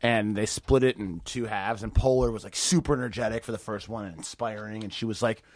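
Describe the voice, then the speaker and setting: A man's voice: lowish voice, fairly even intonation, brisk, no room sound. A man guesting on a podcast, telling stories in casual chat, laughing often and swearing freely.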